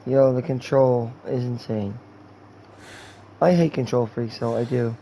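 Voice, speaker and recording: A man's voice: medium pitch, steady tone, unhurried, warm tone, slight background noise, poor audio. A man streaming a video game, joking and swearing as he plays, and acting out silly comic skits. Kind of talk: joking gameplay commentary.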